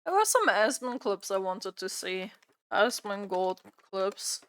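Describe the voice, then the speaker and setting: A woman streamer chatting during a live reaction stream, exasperated and repeating her own phrases out loud. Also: medium pitch, very animated, unhurried, clear, resonant tone.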